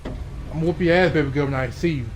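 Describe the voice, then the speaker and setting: Loud trash-talking young male streamer. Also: fairly high pitch, racing, a little hiss or hum. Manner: loud profane trash-talk at the screen. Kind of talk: live game-stream commentary. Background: game music.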